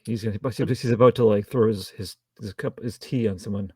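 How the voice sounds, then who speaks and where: A man co-hosting a podcast, trading wry asides and dry jokes about a film in a gravelly, husky voice. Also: lowish voice, fairly even intonation, brisk, dark tone, no room sound. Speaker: podcast co-host. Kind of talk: casual film review chat.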